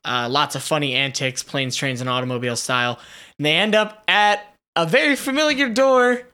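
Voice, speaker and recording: Man co-host with a bright, fairly high voice, telling a story with energy and lots of casual fillers. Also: clean tone. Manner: animated storyteller, many fillers and quick asides. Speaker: podcast co-host. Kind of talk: casual retelling of a pitched TV episode.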